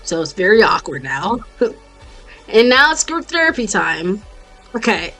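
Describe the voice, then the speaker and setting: Over soft background music, a woman speaks in a mid-range, sharp-toned voice, very animated yet unhurried. She's an American-accented YouTuber of Jamaican heritage raised in the US, bluntly recapping a TV series in a casual commentary vlog, swearing freely and veering into tangents.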